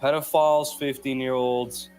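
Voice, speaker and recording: A man's voice: medium pitch, little pitch movement, moderate pace, darkish tone, soft background music. A young man hosting a podcast, telling rambling, profane stories in casual chat over a headset mic. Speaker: podcast host.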